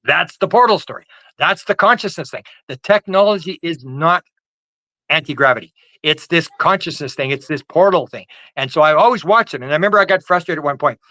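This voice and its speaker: Joining an interview by video call, this male UFO researcher tells his story energetically, full of stammers and false starts, acting out quotes loudly. His voice is on the high side, lively in intonation, slightly fast, bright and forceful; there's no echo, but the call-mic audio is poor.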